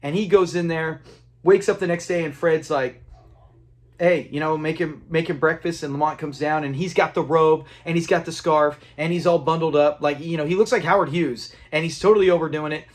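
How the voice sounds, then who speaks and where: A man with a slightly high voice talks through a sitcom episode in a loose, conversational recap. He retells scenes, acts out the characters' lines and chuckles along. It sounds like a relaxed solo video commentary. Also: fairly quick. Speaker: TV episode reviewer.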